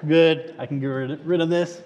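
A man's voice: on the high side, steady tone, moderate pace, darkish tone. A man giving an informal talk to a live audience through a microphone, speaking conversationally and acting out quoted lines. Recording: dull lo-fi recording.

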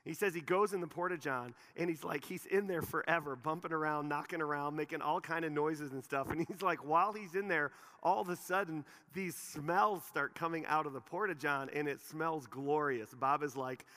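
A man preaching a sermon, telling a story with animated, repetitive phrasing in a church hall. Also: fairly high pitch, brisk, few pauses. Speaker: pastor.

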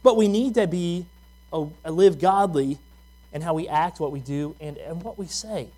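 Conversational male pastor, slightly high voice. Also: moderate pace, mellow. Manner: conversational preaching with personal stories and rhetorical questions. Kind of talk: sermon.

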